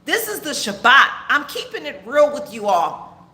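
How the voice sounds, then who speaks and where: Loud emphatic woman preaching, echoey room. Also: high voice, big pitch swings, moderate pace. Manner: loud, emphatic, yelling at times. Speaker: online preacher. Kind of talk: livestream sermon. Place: apartment.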